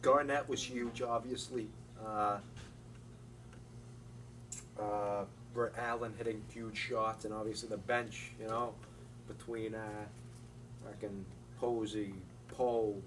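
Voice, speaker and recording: A man talking as an interviewed sports fan, halting and full of fillers, choked up. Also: on the low side, little pitch movement, fairly bright tone, slight background noise. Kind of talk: casual mock interview. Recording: distant mic with faint ambience.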